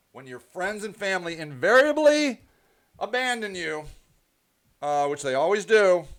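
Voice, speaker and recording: A host talking in a casual monologue, brash and animated, swearing freely and acting out other people's voices. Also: female voice, fairly low pitch.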